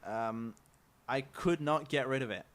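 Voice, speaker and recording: A man with an English accent, a guest chatting casually on a talk show in a relaxed, playful way with frequent hesitations. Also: medium pitch, measured pace. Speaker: studio guest.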